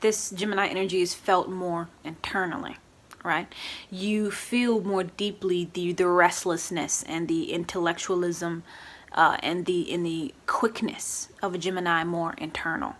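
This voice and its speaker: A woman casually explaining astrology in a vlog, chatty, often adding "you know" and "right?", and acting out quoted moods in lively voices. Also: fairly low pitch, unhurried. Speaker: astrology YouTuber.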